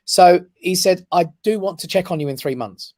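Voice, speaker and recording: A man, a guest on a talk show, telling a personal story with lively emphasis and frequent "right?" check-ins. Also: high-pitched, moderate pace, no echo. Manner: animated storyteller who keeps checking in with "right?". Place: his office.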